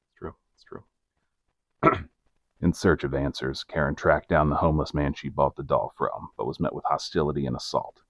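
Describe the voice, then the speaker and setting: Very deep gravelly-voiced man narrating. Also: fairly even intonation, moderate pace, fairly bright tone, no room sound, studio quality. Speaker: podcast co-host narrating the case. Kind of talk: mock true-crime narration with banter.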